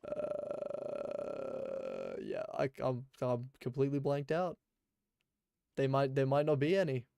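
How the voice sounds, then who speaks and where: A man's voice: medium pitch, very animated, slow, creaky, warm tone, smooth, dry recording, clean studio sound. A man chatting casually and rambling while playing a game on a live stream, with many fillers.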